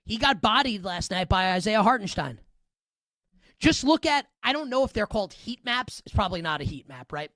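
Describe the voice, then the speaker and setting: A woman's voice: mid-range voice, animated, moderate pace, fairly bright tone, no room sound, clean studio sound. A woman hosting a sports talk radio show, giving opinionated, sarcastic, emphatic commentary. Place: radio studio.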